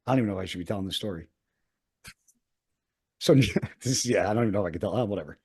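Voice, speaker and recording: A man's voice: lowish voice, very fast, warm tone, breathy edge. A man in his thirties, a podcast host, telling a rambling story in casual chat and swearing often.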